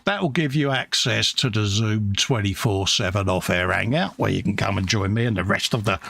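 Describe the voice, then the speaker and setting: A man's voice: fairly low pitch, moderate pace, creaky, a bit bright, no room sound. A man hosting a casual livestream from his workshop, reading out chat messages and calling everyone mate. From England. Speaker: livestream host.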